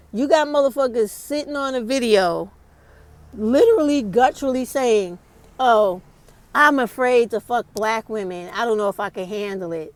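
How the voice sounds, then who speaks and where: A woman's voice: fairly high pitch, darkish tone, dry recording. Blunt, heated woman ranting. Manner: blunt, heated, heavy swearing. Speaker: vlogger. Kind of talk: casual rant to camera.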